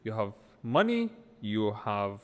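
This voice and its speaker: A man trading jokes on a podcast before settling into earnest opinions. His pitch swings widely as he argues, and a long reverb tail hangs behind his voice in the room. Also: slow. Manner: joking then earnest, animated opinions. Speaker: co-host. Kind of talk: casual podcast debate.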